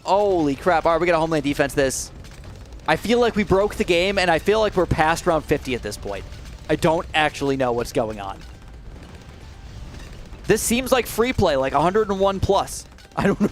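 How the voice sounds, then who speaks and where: A man hosting live gameplay commentary, excitable and talking straight to his viewers, swinging from low muttering to shrieks of alarm. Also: normal speed, soft background music. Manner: addresses viewers directly. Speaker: gaming channel host.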